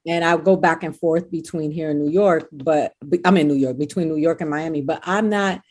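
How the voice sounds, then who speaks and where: Woman guest w east coast accent, spanish-first, chatty and rambly, lowish voice. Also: fairly quick. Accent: East Coast American. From United States. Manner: animated storyteller, many restarts and fillers. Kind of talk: casual interview chat.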